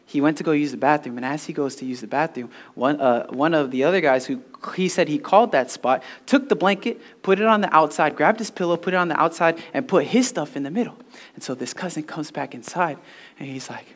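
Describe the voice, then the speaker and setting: A man preaching a sermon at a church service, telling stories in an animated way with frequent fillers. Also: a little high, quick pace. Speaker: pastor.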